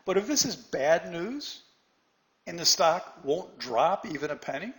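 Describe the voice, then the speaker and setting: A middle-aged man teaching a live trading lesson, talking lively and putting questions to his audience. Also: on the high side, unhurried. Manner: animated, asks the audience questions, acts out a news anchor. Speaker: trading instructor.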